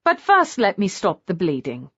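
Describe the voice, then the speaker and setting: A woman's voice: medium pitch, huge pitch swings, normal speed, fairly bright tone, slightly rough, no echo, exaggerated voice. A woman narrator voicing a fierce, sarcastic young woman who snaps at everyone, in a slightly dull, dry recording. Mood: scornful. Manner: snappish, sarcastic. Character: sharp-tongued young woman, fierce and scornful.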